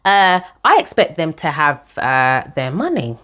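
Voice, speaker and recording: A young woman telling her own story to camera in a chatty, animated way, often calling her viewers guys. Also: sits low, unhurried, hardly any pauses.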